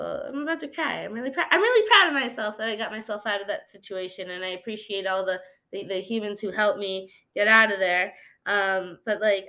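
Candid, rambling woman podcaster with a bright voice. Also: medium pitch. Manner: candid, rambling, swears freely, restarts often. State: slightly high. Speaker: podcast host. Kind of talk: casual personal podcast monologue.

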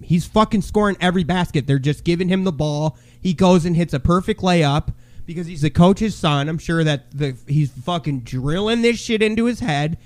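High-voiced man ranting and swearing. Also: normal speed. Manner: heated storytelling, bursts into shouting; swears heavily. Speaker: podcast co-host. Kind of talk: casual chat.

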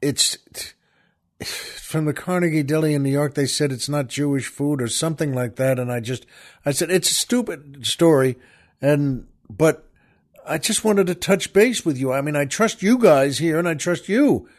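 Speaking at normal speed with a fairly high pitch, this older podcast host spins a meandering, wry story, chuckling softly and restarting as he goes in a casual monologue.

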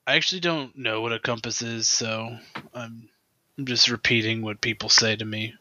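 A man with a very sharp, tense voice plays his character at a tabletop game. He is blunt and profane and rambles through half-finished thoughts. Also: medium pitch, fairly even intonation, normal speed, slight background noise. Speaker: player. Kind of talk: tabletop role-play.

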